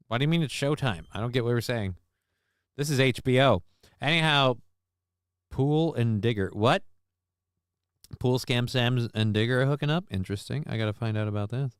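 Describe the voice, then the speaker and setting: A man's voice: mid-range voice, normal speed, long pauses, smooth, no echo, clean studio sound. A man hosting a casual livestream, rambling, cursing and making sarcastic asides while reading chat messages. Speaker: livestream host.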